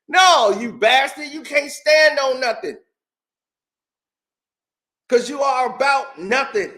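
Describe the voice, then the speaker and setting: High bright shouting man ranting. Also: lively intonation, slow pace, pauses often. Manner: angry, shouting, repetitive. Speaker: commentary channel host. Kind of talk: heated commentary rant.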